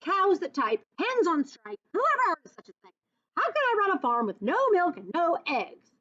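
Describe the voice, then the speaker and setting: A woman voicing an exasperated male farmer from a picture book, with loud indignant exclamations, on a dull lo-fi recording. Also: sits high, wildly swooping pitch, moderate pace, voice pushed up. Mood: furious.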